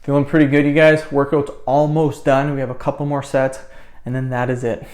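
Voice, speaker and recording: A young male fitness vlogger talks casually to the camera between sets, breathless as he counts reps and breaks off to chat. His voice is medium-pitched, flat, fairly quick, and darkish in tone.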